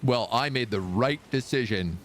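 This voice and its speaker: A man's voice: medium pitch, normal speed, noisy background. A man streaming a pirate game live, joking around and reading the game's story text aloud. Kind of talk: live gameplay commentary.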